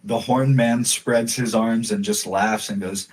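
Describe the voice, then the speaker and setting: Man, game master, unhurried narration, mid-pitched voice, casual tabletop game. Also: fairly even intonation.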